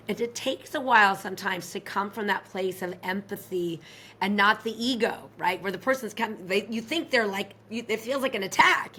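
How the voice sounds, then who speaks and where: A woman's voice: medium pitch, moderate pace, pushed and bright. A woman, a relationship expert guest, talking expressively in an interview and acting out quoted lines. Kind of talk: animated interview talk.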